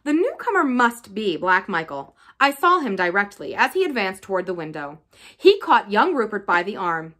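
A woman reading a novel aloud in an expressive, lively style. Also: medium pitch, normal speed. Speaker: reader.

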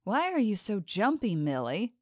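A woman voicing a cold, suspicious and manipulative mistress in an audiobook, speaking in a smooth, probing tone. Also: mid-range voice, big pitch swings, moderate pace, no echo, studio quality. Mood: coldly probing. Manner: smooth, probing, quietly menacing. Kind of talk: audiobook character voice.

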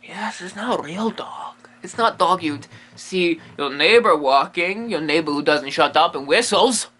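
Lively, goofy man rambling about monsters. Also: a little high, measured pace. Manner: rambling, goofy and playful, with silly asides. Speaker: comedic host playing a medium. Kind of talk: comedic monster explainer.

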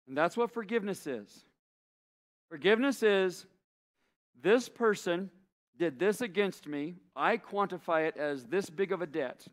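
A male pastor delivers a sermon in a fairly high voice. He preaches with passion, stacking repeated phrases to press his point home. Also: animated, normal speed, fairly bright tone.

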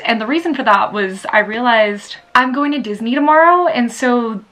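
A woman's voice: a little high, expressive, normal speed, few pauses, fairly bright tone, soft background music. A young woman chatting casually in her home vlog, rambling and laughing often. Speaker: book vlogger.

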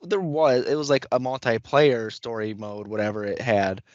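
A man's voice: medium pitch, steady tone, moderate pace, dry recording, dull audio. Laid-back podcast co-host man. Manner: laid-back, agreeable, trails off mid-thought. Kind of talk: casual chat.

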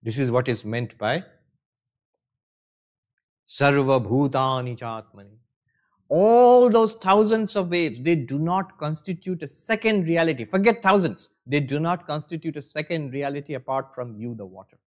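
A man with a high-pitched voice gives a spiritual discourse at a retreat. He teaches conversationally and keeps asking rhetorical questions. He slips in dry, self-mocking humor as he goes. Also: expressive, moderate pace, few pauses.

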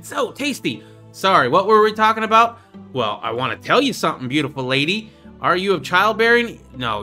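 A man's voice: sits high, bright, forceful tone. A young man casually commenting on his own gameplay, joking around and reading out the game's dialogue. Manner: playful, joking, reads out game dialogue. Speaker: gaming channel host. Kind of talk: casual let's-play commentary.

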